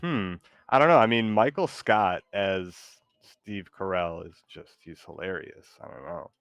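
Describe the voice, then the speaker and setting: A man hosting a live stream in casual, laid-back chat, often hesitant and quick to laugh. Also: low-pitched, expressive, vocal fry, fairly bright tone, clear, resonant tone, no room sound, muffled recording. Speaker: streamer host.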